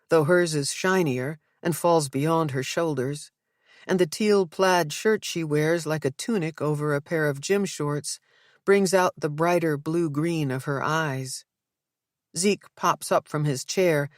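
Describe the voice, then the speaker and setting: A woman narrating an audiobook in an even, measured way. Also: low voice, no room sound, studio quality. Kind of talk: scripted narration.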